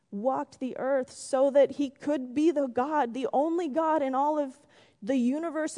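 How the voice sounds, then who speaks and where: Woman giving a sermon, slowish and gentle, bit high voice, echoey church hall. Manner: gentle, drops to a whisper for emphasis. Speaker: preacher. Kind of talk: sermon with storytelling and prayer. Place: church sanctuary. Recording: long reverb in a church hall.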